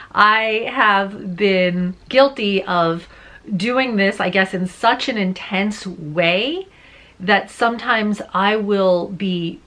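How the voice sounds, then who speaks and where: A young adult woman who works as a voice-over artist and teacher, talking casually to camera and explaining with lively hand gestures. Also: on the low side. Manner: animated, gestures with her hands while talking.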